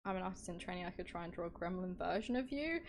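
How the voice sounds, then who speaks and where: A woman's voice: fairly low pitch, animated, rapid-fire, a little hiss or hum, poor audio. A young woman from England with an English accent, chatting casually with her live-stream audience, bubbly and giggly, often trailing off into sighs.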